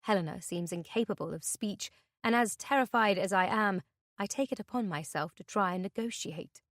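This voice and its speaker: A woman reading a thriller audiobook in the first person, with a tense, measured delivery. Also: mid-range voice, no room sound, clean studio sound. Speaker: audiobook narrator. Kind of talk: scripted narration.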